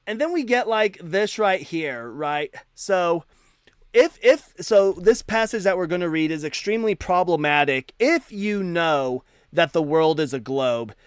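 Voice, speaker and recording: A man's voice: sits high, expressive, unhurried, clean tone, no room sound, clean studio sound. A man hosting a live debate stream, talking casually and animatedly, often repeating and restarting words. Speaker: livestream debate host.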